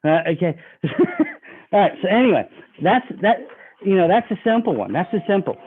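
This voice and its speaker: A man gives a folksy sales training talk, acting out customer dialogue and role-playing pitches. His high-pitched voice is very animated and brisk with a breathy edge. The audio is tinny, like a phone line.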